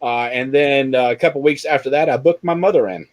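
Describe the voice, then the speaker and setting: A middle-aged man hosting a casual podcast chat, telling stories in a profane, animated way. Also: medium pitch, fairly quick. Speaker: podcast host.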